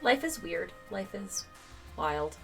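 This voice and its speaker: Slightly husky woman hosting a talk show. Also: medium pitch, expressive, takes it slowly, soft background music. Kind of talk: casual chat.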